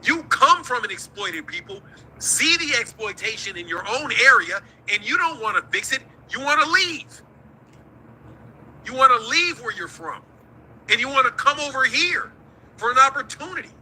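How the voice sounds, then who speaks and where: A man's voice: very high-pitched, sing-song, moderate pace, sharp tone, husky, low-quality recording. A middle-aged man, hosting a boxing talk stream in a profane, combative rant. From United States. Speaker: boxing talk show host. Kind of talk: livestream rant.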